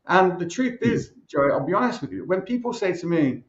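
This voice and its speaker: An Irish man, a podcast guest, telling a story in a chatty, animated way and swearing casually. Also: on the high side, brisk, hardly any pauses. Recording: roomy, dull recording.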